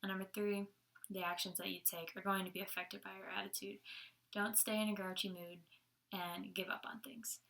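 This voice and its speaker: A woman's voice: mid-range voice, level tone, fairly quick, gravelly, bright, forceful tone. A young woman giving a casual Sunday devotional talk, chatty, laughing often and using many fillers. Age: young adult.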